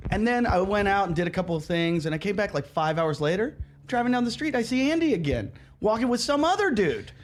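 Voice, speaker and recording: Male podcast co-host, animated storyteller, higher pitch, light background hiss. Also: fast, hardly any pauses. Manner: animated storyteller, laughs often while telling. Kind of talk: casual storytelling chat.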